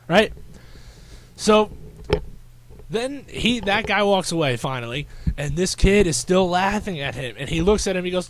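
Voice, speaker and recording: A man's voice: fairly high pitch, expressive, normal speed. A man hosting a podcast, telling rambling stories in casual chat with crude slang. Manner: rambling storyteller, fillers and restarts, crude slang. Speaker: podcast host.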